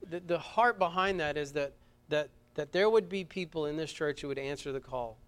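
A man delivers a sermon at a church service in a slightly high voice. He speaks with earnest conviction, doubling back on his words. He climbs to loud, urgent peaks, then drops to a hushed, close tone. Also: normal speed, smooth. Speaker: pastor.

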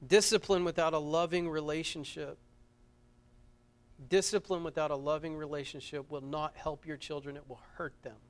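A pastor preaching a sermon at a church service, earnest, stumbling over repeated words and swinging from loud urgency to a hushed close. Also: male voice, on the high side, little pitch movement, moderate pace.

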